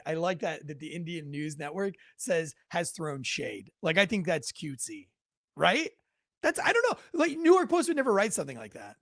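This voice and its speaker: Male commentary host, slightly high voice, dry close sound, rambling, sarcastic. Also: creaky, no echo. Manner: rambling, sarcastic asides, frequent self-corrections. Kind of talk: casual news commentary. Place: home.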